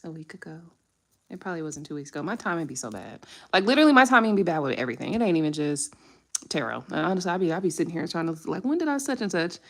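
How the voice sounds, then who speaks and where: A woman's voice: low-pitched, animated, rapid-fire, vocal fry. A young woman, a tarot reader chatting casually and candidly on a live stream, swearing freely.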